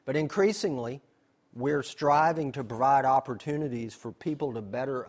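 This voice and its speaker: Man, nature center presenter, mid-pitched, explains step by step, asks questions then answers them. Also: normal speed, darkish tone. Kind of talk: slideshow presentation.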